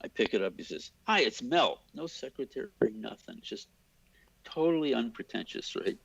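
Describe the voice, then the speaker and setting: A man's voice: on the low side, moderate pace, vocal fry, no room sound. An older man, a cinematographer, telling stories in an interview and acting out the people he quotes. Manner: animated storyteller, imitates voices in quotes. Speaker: cinematographer guest. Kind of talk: storytelling in an interview. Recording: dull lo-fi sound.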